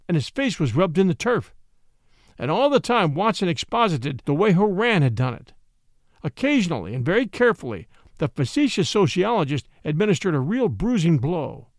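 Male audiobook narrator, expressive, slightly raised pitch, dry booth. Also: no room sound. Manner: expressive, lively storytelling.

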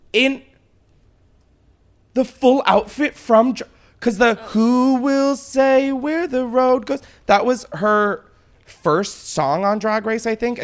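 A young man hosting his own show, casually retelling a wild night out with lots of swearing and dramatic quoting. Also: sits high. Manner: animated, swearing, dramatic retelling with put-on quotes. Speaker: podcast host. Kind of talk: casual storytelling chat.

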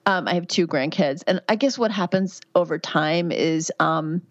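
A woman's voice: low-pitched, moderate pace, dry recording. A woman in her fifties, a physician guest on a podcast, giving candid, chatty advice with lots of fillers. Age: 50s. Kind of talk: podcast interview answers.

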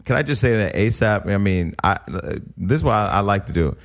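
A man's voice: fairly low pitch, lively intonation, brisk. A man hosting a radio show, chatting in brash, profane, joking banter. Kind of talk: casual banter.

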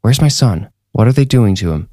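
A man voicing a hostile, distrustful mother with a sharp, accusing manner, his voice lifted above his own. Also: on the low side, lively intonation, fairly quick, no room sound, studio quality, pitched above the performer's own voice.

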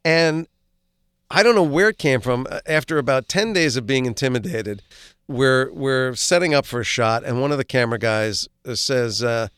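A middle-aged man and actor, a guest, telling animated, self-deprecating show-business stories in a casual interview. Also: medium pitch, fairly quick, clean tone, no room sound, clean studio sound.

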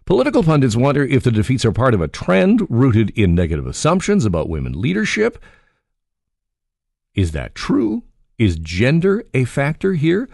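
A man hosting a talk radio show, animated and jokey, with frequent restarts. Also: mid-range voice, normal speed, creaky, dry recording, clean studio sound.

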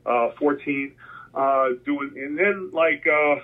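A middle-aged man from New Jersey telling stories in a casual interview as a guest, rambling with many restarts and animated when quoting himself. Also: fairly high pitch, slow. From New Jersey, USA. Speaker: guest, concert photographer. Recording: phone-like line, husky.

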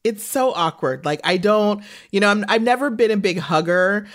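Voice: medium pitch, normal speed, a bit bright. A podcast co-host chatting casually in a rambling way and laughing often.

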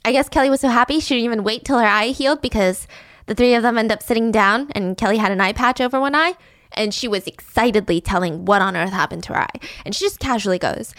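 Woman storyteller, animated, giggly, slightly high voice, dry close sound. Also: quick pace, no echo. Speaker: podcast storyteller. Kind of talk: casual storytelling.

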